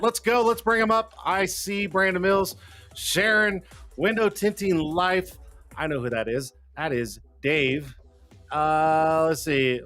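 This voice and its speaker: A livestream show host rambles and curses in casual chat, flustered and talking to himself as he fumbles with the tech setup while joking at his own expense. His slightly high voice sounds pushed and bright, with no room sound and faint music in the background.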